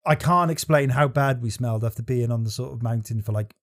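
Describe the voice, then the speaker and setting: A man's voice: mid-range voice, a little fast. Man telling a profane travel story. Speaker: podcast co-host. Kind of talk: casual podcast chat.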